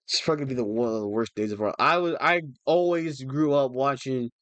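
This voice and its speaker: A man's voice: medium pitch, quick pace, a bit bright, no room sound. A young man chatting on a livestream, emotional and rambling, restarting his sentences often. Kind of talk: casual livestream chat.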